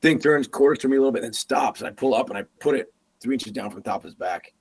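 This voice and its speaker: A man on a podcast telling an animated hunting story, acting out the lines of the people in it. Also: medium pitch, fast talker, vocal fry, husky. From Massachusetts. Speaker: podcast guest.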